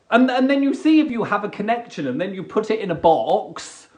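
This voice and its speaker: A man's voice: high-pitched, very animated, moderate pace, a little mellow. A man hosting a live stream in casual chat, who repeats and restarts his words often. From England. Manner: chatty, stammering restarts, giggly.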